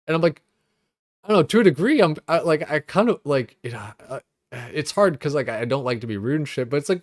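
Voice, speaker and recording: In a casual livestream rant, a young gamer sounds exasperated and rambling, full of profanity and filler words. His slightly high voice is expressive and fairly quick, recorded dry at studio quality.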